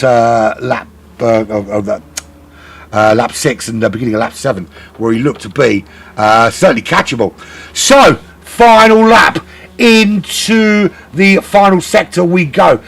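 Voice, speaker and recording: A man's voice: mid-range voice, creaky, breathy edge. A man commentating a sim race live, chatty and rambling, often correcting himself.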